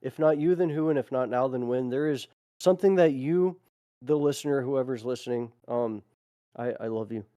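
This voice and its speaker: Earnest male podcast co-host with a warm, dry-sounding voice, reading aloud and musing. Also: medium pitch, moderate pace, dry recording. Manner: earnest, laughs often. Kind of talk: reading aloud and casual discussion.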